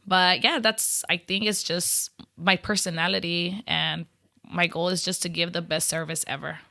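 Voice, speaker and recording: A woman's voice: lowish voice, fairly even intonation, moderate pace, creaky, pushed and bright, dry recording. A woman business owner chatting in an interview, talkative and laughing often, with lots of "you know" fillers. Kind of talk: casual interview chat.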